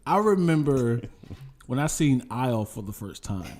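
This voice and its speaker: A man's voice: mid-range voice, very animated, measured pace, a crowd in the background. A man co-hosting a casual podcast, telling funny stories and laughing often. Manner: laughs easily, tells stories, does voices. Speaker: podcast co-host.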